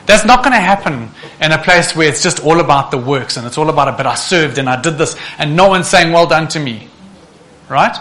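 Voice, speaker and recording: A man preaching with a bright, forceful voice that sits somewhat high. He is animated and keeps asking the congregation rhetorical questions. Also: fairly quick. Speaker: pastor. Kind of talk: sermon.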